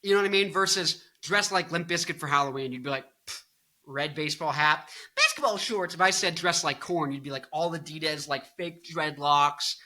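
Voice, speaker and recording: A man's voice: on the high side, fairly quick, few pauses, sharp tone. A man in his twenties, a musician, giving his opinions in a casual, rambling vlog full of fillers and jokes. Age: 20s. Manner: rambling, filler-heavy, joking. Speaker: vlogger and musician.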